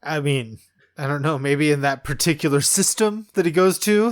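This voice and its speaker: A man's voice: a little high, normal speed. A man co-hosting a casual movie-review podcast, rambling with fillers and laughing often. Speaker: podcast co-host.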